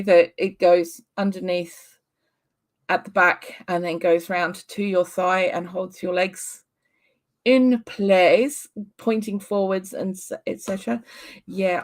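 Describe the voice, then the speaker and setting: A woman hosting a casual livestream, chatting with viewers and answering their comments in a relaxed, rambling way with frequent ums. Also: mid-range voice. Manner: unhurried with frequent ums and small laughs. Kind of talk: casual live-stream chat.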